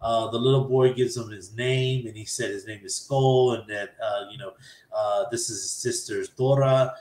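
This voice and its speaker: A man hosting a podcast, recapping an anime episode in a casual, animated way and acting out characters' lines. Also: medium pitch, normal speed, echoey room. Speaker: podcast host.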